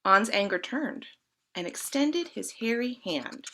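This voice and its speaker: A woman reading a children's story aloud at a church service, expressive and speaking directly to her listeners. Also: on the high side, slow pace, background noise.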